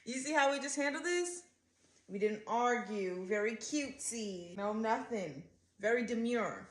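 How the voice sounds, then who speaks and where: Playful wife in an echoey room. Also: female voice, on the high side, animated, measured pace. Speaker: wife in a social media clip.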